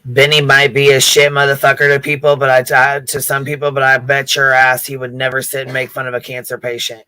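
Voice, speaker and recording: Flat, bright-voiced man reacting bluntly. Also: mid-range voice, fairly quick, clean tone, dry recording, low-quality recording. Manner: indignant, blunt, profane. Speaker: livestream host. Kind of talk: livestream reaction chat.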